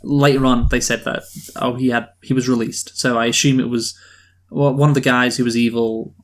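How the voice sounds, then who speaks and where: A man's voice: medium pitch, little pitch movement, normal speed. Wry man leading a podcast chat. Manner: wry, leads the list of complaints. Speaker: podcast co-host. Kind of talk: casual chat.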